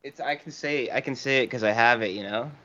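A man's voice: mid-range voice, fairly quick, sharp tone, muffled recording. A man co-hosting a casual banter show, joking crudely and restarting his sentences. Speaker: podcast co-host.

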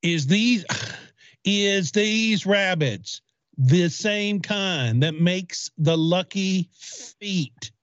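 A man's voice: high voice, lively intonation, normal speed, no room sound. A man doing a blunt ungrammatical rabbit buyer. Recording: slightly dull lo-fi sound.

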